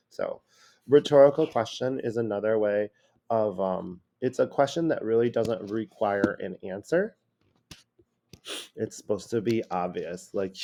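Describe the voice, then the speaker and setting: A man's voice: lowish voice, normal speed, gravelly, a little mellow, a little hiss or hum. Casual man lecturing a classroom. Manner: casual, acts out quoted phrases with shifting tone. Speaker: high school teacher.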